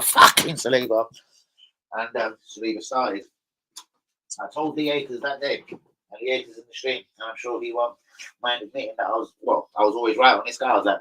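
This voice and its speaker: A man hosting a football fan stream, talking in an excitable, slangy, profane, rambling way. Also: medium pitch, poor audio. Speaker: host of a football fan channel. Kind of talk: casual live-stream chat.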